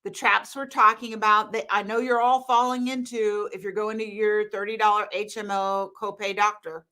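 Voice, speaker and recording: A woman's voice: mid-range voice, moderate pace. A woman hosting a live stream as a hormone coach, talking bluntly and laughing often. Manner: animated, laughing, blunt and emphatic. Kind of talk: casual live-stream talk to viewers.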